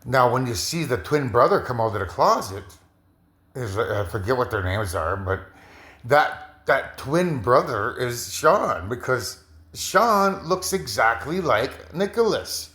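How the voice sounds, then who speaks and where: A man's voice: mid-range voice, sing-song, measured pace, pushed and bright. A man rambling through a casual monologue, repeating himself and restarting his sentences. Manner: repetitive, full of restarts and fillers. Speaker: vlogger interpreting a viewer's video. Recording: roomy echo.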